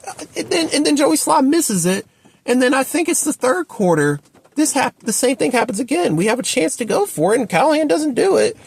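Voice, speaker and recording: A fairly quick, sing-song male voice, creaky with a breathy edge, rants from home about his football team. This sports fan commentator, exasperated and repeating himself, swings sharply up and down in pitch in his opinion video.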